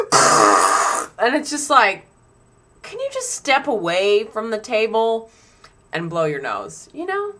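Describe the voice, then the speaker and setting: A young woman venting her pet peeves in a casual home vlog, exasperated and animated, with frequent ums. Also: mid-range voice. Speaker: vlogger.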